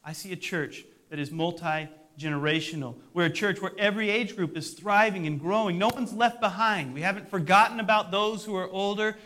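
Middle-aged male pastor, high bright voice, conversational sermon with light self-deprecating humor. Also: fairly quick, hardly any pauses.

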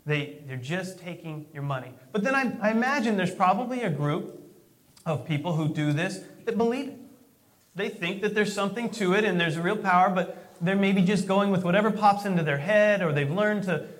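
A male pastor preaching with a high voice, relaxed and conversational as he retells a story. He often stumbles and repeats a word before pressing on. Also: moderate pace. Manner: conversational, storytelling, repeats words when starting. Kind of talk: sermon.

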